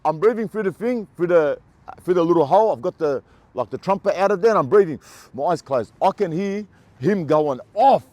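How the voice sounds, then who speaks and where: An Australian man, a former prisoner, casually telling his own story to the camera in an animated way, often repeating words and acting out sounds. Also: high-pitched, brisk, no room sound.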